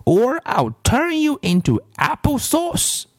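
A man voicing a mean old woman teacher who turns children into apples, with a shrill, shrieking manner. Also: wildly swooping pitch, slow, no echo, studio quality, full character voice.

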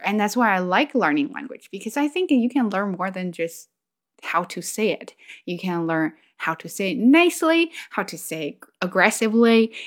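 Chatty woman imitating animal sounds. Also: lowish voice. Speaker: vlogger. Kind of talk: casual chat about language and culture.

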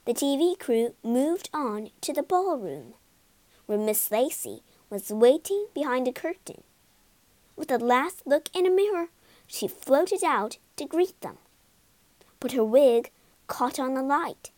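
A woman reading a children's story aloud in a playful, expressive way and voicing the characters. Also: high voice, unhurried, no room sound.

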